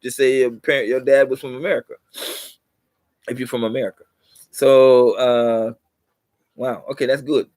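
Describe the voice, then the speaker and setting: A man's voice: medium pitch, flat delivery, normal speed, pauses often, darkish tone, no room sound. A middle-aged man hosting his own channel, talking to viewers in a rambling, preachy monologue that repeats its points and livens up to drive them home. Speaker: channel host.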